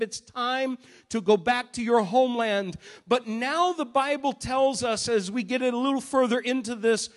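A man preaching a sermon as a story, animated and swinging between loud and hushed. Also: very high-pitched.

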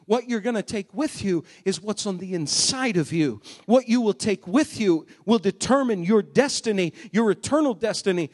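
A male pastor delivers a sermon in a notably high voice. He moves between conversational asides and loud, emphatic peaks. The sound carries the long reverb of a large hall. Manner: preaching with swells into shouting.

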